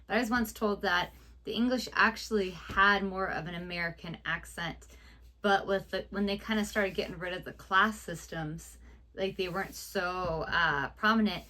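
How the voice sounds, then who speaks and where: A woman's voice: medium pitch, normal speed, pushed and bright. A woman co-hosting a reaction video, chatting casually and trailing off with fillers as she goes. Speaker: reaction channel co-host.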